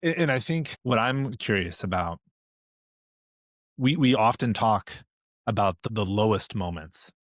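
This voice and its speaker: A man's voice: fairly low pitch, lively intonation, a little slow, pauses often, no echo, clean studio sound. A man hosting an interview podcast over a video call, asking reflective questions with small restarts. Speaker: podcast host.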